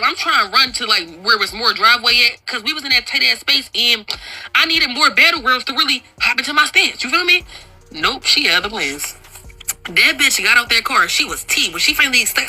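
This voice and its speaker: Bright-voiced young woman telling a storytime. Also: a little high, poor audio. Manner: animated and profane, laughing often. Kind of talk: casual storytime monologue.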